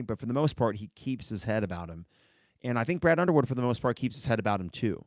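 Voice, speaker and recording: Talking fast in a mid-range voice, this solo sports podcast host rambles casually, voices his opinions and reads out live chat comments from viewers. It's a studio-quality recording with no room sound.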